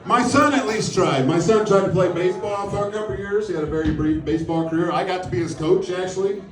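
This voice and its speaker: Middle-aged comic with a raised pitch. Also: male voice, quick pace, crowd noise. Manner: dry, self-mocking and profane. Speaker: stand-up comedian. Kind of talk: stand-up comedy set. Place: comedy club stage before a live audience. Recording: roomy live club sound, mic at a distance, audience laughter. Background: audience laughing.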